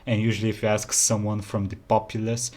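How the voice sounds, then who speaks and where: A man's voice: on the low side, completely flat delivery, brisk, a little mellow. A young man from Bulgaria, hosting a casual reaction video and talking bluntly, with frequent swearing. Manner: blunt, swears often, easily annoyed.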